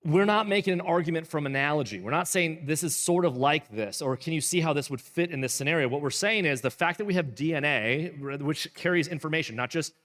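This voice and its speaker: A man's voice: a little high, a little fast, hardly any pauses, a bit bright, in a large hall. A man, a pastor, reading a book aloud and explaining it in a casual, rambling way with playful asides. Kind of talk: live book reading with commentary.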